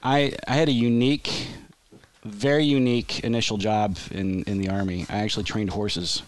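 On a podcast, an army veteran guest spins a long, rambling army story, interrupting himself, restarting casually, and laughing often. His pitch is fairly low and his intonation stays fairly even at a normal speed.

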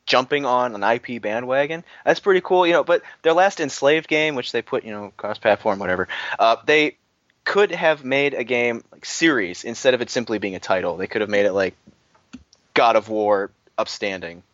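A man's voice: mid-range voice, moderate pace, fairly bright tone, no room sound, dull audio. A man co-hosting a gaming podcast in laid-back, casual banter with wry asides. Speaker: podcast co-host.

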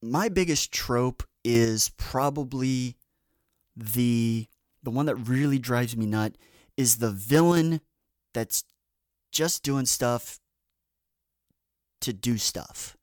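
Man, podcast host, casual chat, rambling, filler-heavy, mid pitch, dry close sound. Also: takes it slowly, long pauses, a little mellow, no echo. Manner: rambling, many fillers and restarts.

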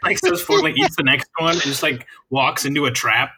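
A young man chatting casually about a movie, tossing in quick joking quips. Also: fairly high pitch, a little hiss or hum. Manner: jokey, quick deadpan quips. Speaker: film commentary co-host. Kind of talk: casual movie commentary chat.

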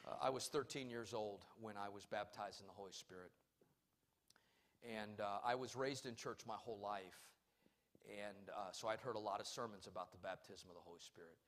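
Male pastor preaching in church, gets loud and punchy then soft and chatty. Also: on the low side, fairly even intonation, normal speed. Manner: swings from loud emphatic preaching to quiet storytelling. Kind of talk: preached sermon.

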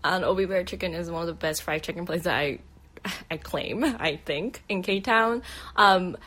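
A woman's voice: fairly low pitch, moderate pace, fairly bright tone. A woman who immigrated to the United States, a comic artist talking casually as an interview guest, hesitant, with many fillers and restarts.

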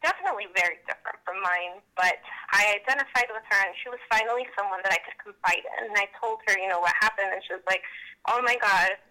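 A woman's voice: medium pitch, fast, few pauses, pushed and bright, poor audio. A young adult woman, a doctoral student, candidly recounting her own experiences in an interview with frequent fillers. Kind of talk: personal storytelling in an interview.

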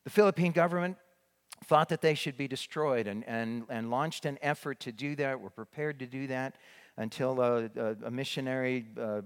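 A man's voice: mid-range voice, normal speed, clean tone. Older man telling a mission story. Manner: rambling with many restarts and fillers. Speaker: former missionary. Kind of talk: storytelling talk.

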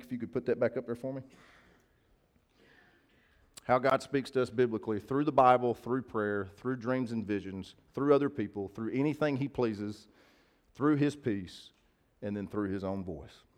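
A man's voice: medium pitch, normal speed, darkish tone. Casual, folksy male preacher. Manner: conversational, folksy, asks the crowd to agree. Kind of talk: sermon.

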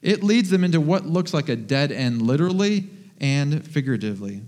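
A man preaching a sermon as pastor, animated and joking as he tells stories to his congregation in a church. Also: a little high, a little fast. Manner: animated, humorous storytelling. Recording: long reverb of a large hall.

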